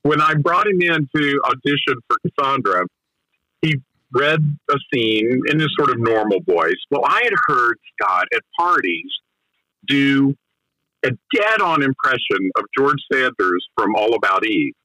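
A man with a bright, forceful voice tells behind-the-scenes stories in an interview. He talks eagerly and keeps restarting his sentences as he goes. The sound is close and dry. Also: medium pitch, big pitch swings, measured pace, no room sound, rough recording. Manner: enthusiastic storyteller with frequent restarts. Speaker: film director recounting a production. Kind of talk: conversational interview anecdote.

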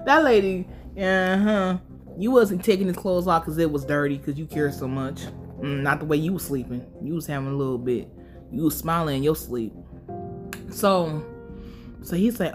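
Low-voiced woman recapping a show. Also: normal speed, over music. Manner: animated, laughing, acts out quoted characters. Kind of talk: casual profane episode recap.

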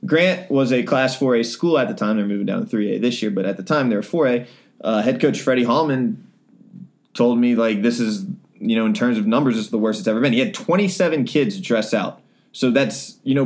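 A man's voice: mid-range voice, expressive, fairly quick, darkish tone. A young man co-hosting a casual sports podcast, rambling with many fillers and restarts. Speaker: sports reporter and podcast co-host.

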